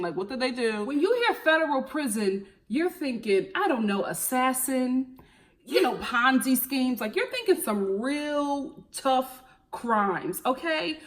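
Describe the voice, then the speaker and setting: Young woman with a Philly accent, sassy TV recap vlogger, slightly high voice, lots of slang. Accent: Philadelphia. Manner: sassy and animated, drops slang like honey and girl. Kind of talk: casual opinionated TV recap.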